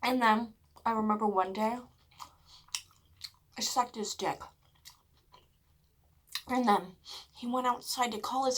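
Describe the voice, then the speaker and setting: Woman mukbang vlogger, unhurried and bright, chatty storytelling with frequent swearing and sudden whispers. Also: on the high side. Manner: chatty, swears often, fills speech with "like"; drops into hushed whispers for dramatic moments. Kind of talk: casual storytelling while eating.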